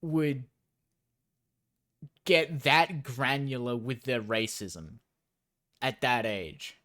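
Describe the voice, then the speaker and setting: Slow-talking, swearing male streamer. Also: mid-range voice, bright, forceful tone. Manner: incredulous, profane, sarcastic asides. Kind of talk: reading a story aloud on stream with commentary.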